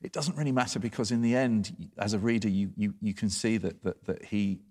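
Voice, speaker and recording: Deep-voiced man, halting and thoughtful. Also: darkish tone. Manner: halting, many restarts and repeated words. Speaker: book discussion panelist. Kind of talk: casual literary discussion.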